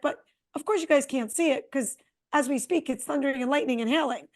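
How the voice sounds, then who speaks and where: A middle-aged woman co-hosting a podcast, chatting casually and telling a long, animated travel story. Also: high voice, fairly quick. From Connecticut. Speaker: podcast co-host. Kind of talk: casual chat.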